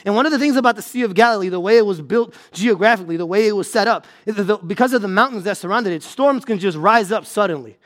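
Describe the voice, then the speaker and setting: A man preaching a sermon, stressing points through repetition and swinging between loud exclamations and low, quiet lines. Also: quick pace, hardly any pauses. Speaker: pastor.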